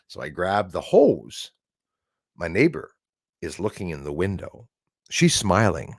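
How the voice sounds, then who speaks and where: A man hosting a live stream, telling a story in a casual, animated way full of fillers. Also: fairly low pitch, measured pace, no echo, clean studio sound. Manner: animated, acts out quoted voices, frequent fillers.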